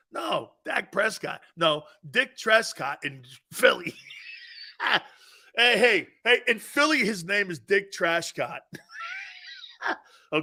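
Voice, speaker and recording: A man hosting a sports talk show, loud and jokey, often breaking into laughter. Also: a little high.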